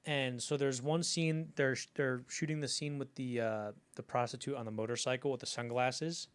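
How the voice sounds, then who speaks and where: A man's voice: mid-range voice, clean tone. Man animatedly retelling a film-set story. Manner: animated retelling, swearing, slips into quick character voices. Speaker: podcast host. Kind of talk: casual storytelling chat.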